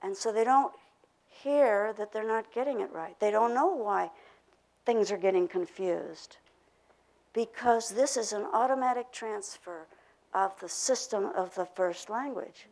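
Older female workshop presenter, gravelly voice, steady teaching delivery with choral drills. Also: mid-range voice, measured pace, low-quality recording. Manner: explains concepts with spoken drills and repetition. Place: workshop room.

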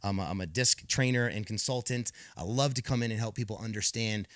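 A man's voice: lowish voice, fairly quick, no echo, studio quality. A man in his thirties, a podcast guest, telling his personal story candidly, repeating words as he restarts and acting out what others said.

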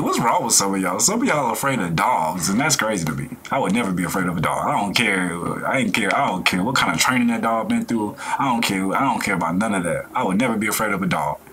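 A man hosting a reaction video, talking in a rambling, animated way and often laughing. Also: lowish voice, fast talker, slightly rough. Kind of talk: casual reaction commentary.

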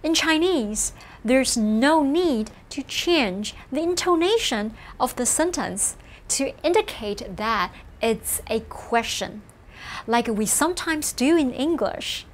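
Slow, high-voiced woman teaching. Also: lively intonation, slight background noise. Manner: slow, careful, encouraging explanation with model phrases. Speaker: language teacher. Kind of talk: scripted lesson narration.

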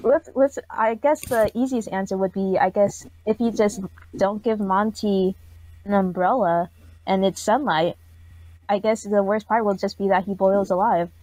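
A woman's voice: medium pitch, fairly even intonation, normal speed, darkish tone, no echo, low-quality recording. Woman host, mid-range voice, teasing and jokey, dry close recording. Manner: playful, teasing, laughs often. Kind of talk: casual chat.

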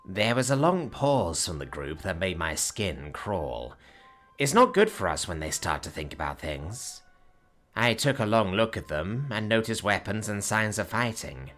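Low-voiced man narrating a story. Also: unhurried, soft background music. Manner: lively storytelling, voicing characters' lines.

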